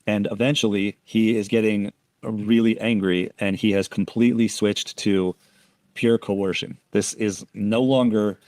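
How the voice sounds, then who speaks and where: A male commentator who explains an interrogation clip in a measured, analytical way. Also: lowish voice, steady tone, darkish tone, no echo.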